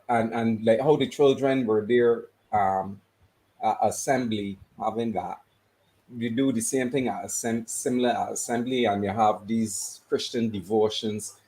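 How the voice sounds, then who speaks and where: A man's voice: fairly low pitch, darkish tone, rough recording. A man from the Caribbean speaks in a casual discussion. He is hesitant and careful, stumbling over repeated words as he builds his argument. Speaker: guest on a discussion stream. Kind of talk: casual chat.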